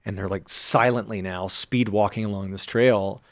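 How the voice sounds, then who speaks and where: A man, a podcast guest, telling a story in a relaxed, casual way, filling his talk with fillers as he builds suspense. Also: lowish voice, moderate pace, no room sound, studio quality.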